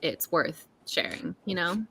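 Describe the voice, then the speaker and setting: A woman hosting a writing stream over a call, her voice bright and full of swinging pitch. She chats and laughs easily, then slows down to read her own prose softly. A faint hiss of noise sits behind her. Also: creaky. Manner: animated, laughs often, reads her prose slowly and softly. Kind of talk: casual chat and reading aloud from her own novel.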